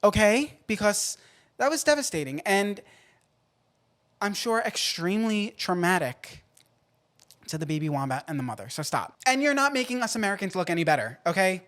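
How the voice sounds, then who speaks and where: Animated, playful podcast host. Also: male voice, normal speed. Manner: animated, playful, jumps between loud outbursts and low asides. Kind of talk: casual podcast chat.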